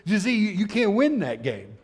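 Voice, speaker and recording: A middle-aged man teaching a Bible class, telling stories in an animated way and acting out the voices he quotes. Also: high-pitched, moderate pace, husky. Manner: chuckles as he talks. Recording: long hall reverb.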